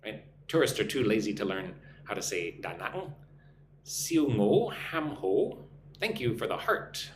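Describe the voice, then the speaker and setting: Upbeat American man hosting an English lesson live; lively pitch, echoey room with a low hum. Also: a little slow. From United States. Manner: upbeat, reads viewer names aloud, models phrases to repeat. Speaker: English teacher live streaming. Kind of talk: casual live-stream lesson, reading chat comments. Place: home in a Vietnamese city.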